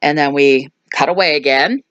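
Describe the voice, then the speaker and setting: A woman's voice: low-pitched, normal speed, fairly bright tone, smooth, dry recording, lo-fi sound. A woman hosting a movie review channel, recapping a film in a chatty way with lots of fillers and asides.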